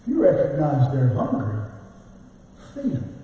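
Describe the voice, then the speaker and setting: A high-voiced man preaches in a slow, deliberate rhythm, now and then rising into a chanted, sing-song cadence. His mellow tone rings through a large, echoing church hall, picked up from some distance away. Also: wildly swooping pitch. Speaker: pastor. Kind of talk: sermon. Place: church sanctuary.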